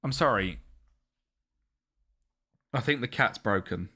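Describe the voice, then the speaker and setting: A man streaming a football management game, commentating live and chatting with his viewers. He gets excitable and yells at the match. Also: lowish voice, takes it slowly, breathy edge.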